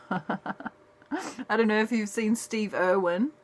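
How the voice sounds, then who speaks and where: Slow, soft-spoken woman. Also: medium pitch, expressive. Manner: soft, chatty, unhurried. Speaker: tarot reader. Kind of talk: casual tarot reading.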